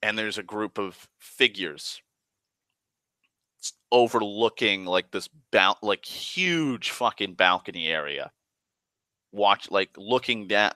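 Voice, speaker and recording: Telling the story of a tabletop gaming session, a man rambles, curses a lot, keeps saying "like" and trips into restarts. He has a low, bright, forceful voice, captured in a dry, close recording.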